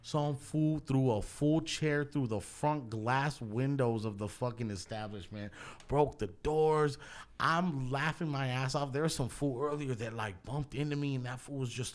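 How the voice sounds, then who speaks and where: Profane laughing man storyteller. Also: mid-range voice. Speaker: podcast host. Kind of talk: casual storytelling.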